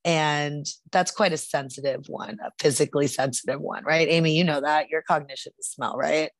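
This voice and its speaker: Middle-aged woman, podcast co-host, deep voice, earnest casual storytelling, dry close sound. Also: fairly even intonation, normal speed, dry recording. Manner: earnest, with frequent restarts and filler.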